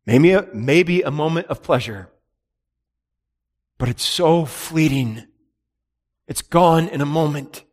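A man's voice: on the high side, slow, pauses often, long reverb tail. A man preaching a sermon in an earnest, emphatic way, with repeated phrases and rhetorical questions. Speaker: pastor.

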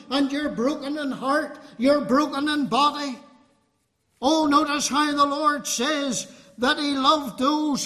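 A man with a very high, bright, forceful voice preaches a fervent, emphatic sermon to a congregation, appealing directly to his listeners. He's in a congregation hall, and the recording carries a long hall reverb.

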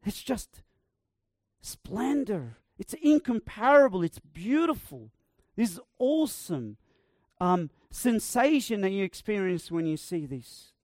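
A man preaching a sermon, building to emphatic proclamations with slow, repeated phrases. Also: high-pitched, very animated, darkish tone, no echo, studio quality.

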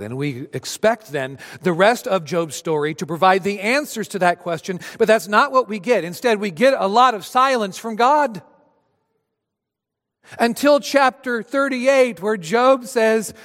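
Male pastor, mid-high voice, animated sermon delivery with acted-out lines, reverberant hall. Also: a little slow. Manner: animated, acts out voices of biblical figures.

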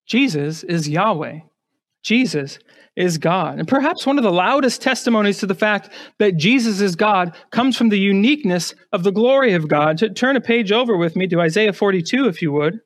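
A man's voice: high-pitched, expressive, brisk, hardly any pauses. A male pastor preaching an emphatic sermon, putting rhetorical questions to his congregation and often repeating words as he starts a phrase.

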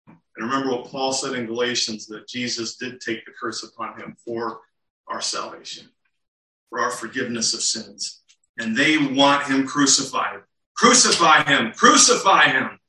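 Bright-voiced male preacher in an echoey hall. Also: medium pitch, normal speed. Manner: asks rhetorical questions, acts out quotes. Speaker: pastor. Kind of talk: expository sermon. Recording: echoey room, mic at a distance.

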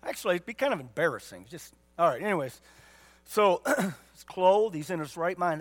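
A man's voice: high voice, expressive, moderate pace. A man pastor preaching a sermon with emphatic rhetorical questions and folksy asides.

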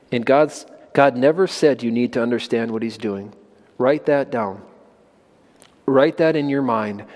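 A man's voice: medium pitch, darkish tone. A man preaching a sermon to children in an emphatic way, often putting questions to them. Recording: long reverb of a large hall.

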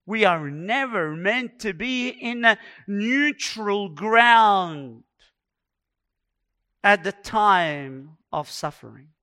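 Male preacher, slow measured sermon delivery, dramatic swings from soft to loud. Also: sits high, animated. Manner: acts out quoted complaints in a raised voice.

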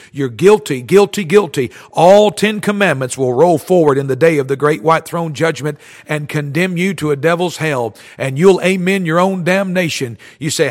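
Man, preacher, fervent sermon, frequent amens, slightly high voice, long reverb.

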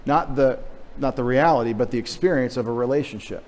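This middle-aged pastor from Texas speaks a little fast in a medium-pitched, slightly mellow voice. Preaching in church with a light Texan accent, he jokes in conversational asides.

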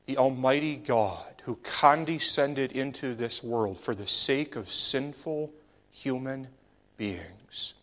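With a fairly bright tone, this man delivers a sermon at an unhurried, deliberate pace. He stresses points by lifting his voice, then sinks almost to a whisper on the important words, keeping it measured and emphatic.

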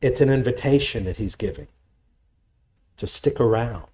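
A man's voice: mid-range voice, moderate pace, darkish tone, slight background noise. A middle-aged male pastor preaching a sermon, reading scripture aloud and explaining it with conversational asides.

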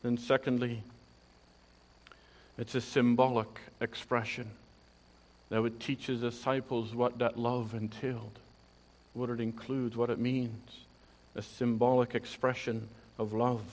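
A man preaches with a medium-pitched, flat voice, a little slow and with long pauses, under a long reverb tail. Earnest and emphatic, he keeps restarting phrases as he explains scripture and punches out quoted lines.

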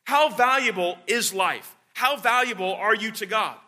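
A man preaching a sermon, earnest and halting, with many fillers and restarts. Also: high voice, sharp tone.

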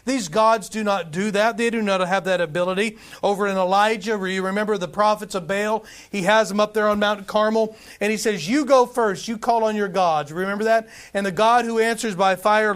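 A man's voice: high voice, fairly bright tone. A man preaching a sermon with fervent, repetitive emphasis. He restarts his phrases and calls out to the congregation for responses. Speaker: pastor.

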